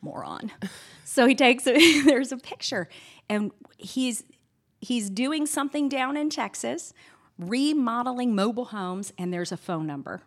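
A middle-aged woman, a guest in an interview, telling a personal story in an earnest, candid way and getting animated when she retells scenes. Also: on the high side, measured pace.

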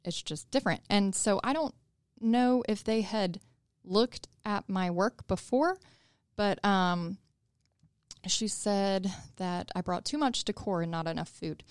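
A woman guest on a business interview show tells a personal story in a chatty, rambling way. Her voice is smooth and resonant. The recording is dry and close. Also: medium pitch, unhurried, no room sound. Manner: chatty, many fillers and "like"s.

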